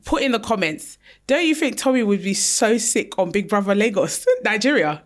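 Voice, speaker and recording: A woman's voice: medium pitch, animated, moderate pace. A woman teases her co-host in a casual podcast chat. Her voice swoops up and down, and she bursts into laughter easily. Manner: teasing, playful, bursts into laughter.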